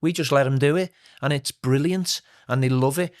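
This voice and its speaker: A man, a singer and playwright, telling animated stories as a guest in a casual interview. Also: medium pitch, normal speed. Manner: animated, anecdotal storyteller.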